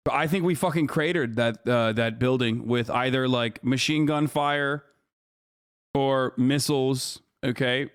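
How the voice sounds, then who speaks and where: A man's voice: medium pitch, smooth, no echo, studio quality. A man streaming reactions to news clips, ranting in a casual, profane, sarcastic way. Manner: profane, sarcastic, animated rants.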